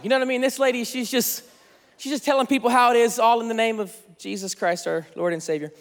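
A man in his thirties, a pastor, preaching an energetic sermon with lots of jokes in a large church. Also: very high-pitched, fast. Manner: energetic, joking. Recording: long hall reverb, faint music.

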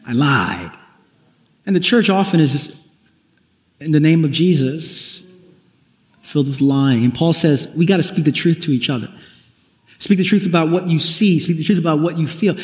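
A man's voice: fairly high pitch, lively intonation, normal speed, long pauses, darkish tone. A man preaching a sermon as pastor, talking conversationally with wry asides and frequent restarts. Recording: echoey hall, long reverb.

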